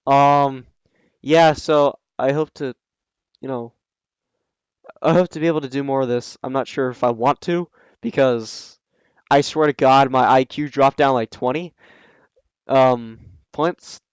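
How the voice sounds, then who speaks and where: A man reading a story aloud and breaking in with sarcastic, scoffing asides, often pausing with ums. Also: mid-range voice, fairly even intonation, clear, resonant tone, dry recording, lo-fi sound. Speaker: reader and commentator. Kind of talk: reading a fan story aloud with mocking commentary.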